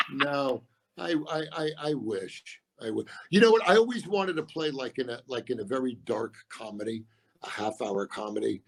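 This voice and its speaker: Gravelly older guy spinning deadpan stories, voice swoops all over. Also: medium pitch. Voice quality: gravelly, husky. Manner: deadpan storyteller doing quick voices of others. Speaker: guest comedian. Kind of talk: casual storytelling chat.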